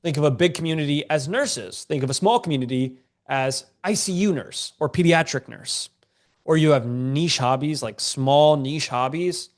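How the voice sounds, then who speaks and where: Congested man coaching casually, slightly high voice. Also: normal speed. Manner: casual, joking, slangy. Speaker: online business coach. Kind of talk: live-streamed teaching session.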